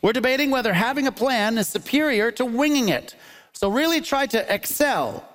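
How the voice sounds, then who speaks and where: A man's voice: very high-pitched, a bit bright, in a large hall. A man hosting a comedy debate show, announcing rounds with puns. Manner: punny, showman announcing. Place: stage before a live audience. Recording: live stage with audience noise.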